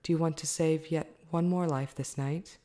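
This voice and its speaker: A woman in a whispered role-play voicing a commanding wild man in a wolfskin cloak, stern and authoritative, in a low, mellow voice. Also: steady tone, moderate pace, lightly acted. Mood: probing.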